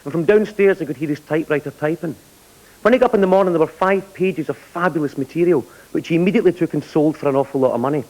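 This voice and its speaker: A man's voice: a little high, fast talker, a little mellow, rough recording. A man presenting an award, telling a joke in a dry storytelling way. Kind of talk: comic anecdote at an awards ceremony.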